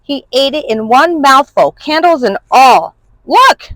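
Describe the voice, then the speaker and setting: A woman's voice: high-pitched, lively intonation, a little slow, a bit bright, no room sound, pitched above the performer's own voice, low-quality recording. A woman voicing a bold young girl in a storybook, speaking eagerly and confidently. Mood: excited.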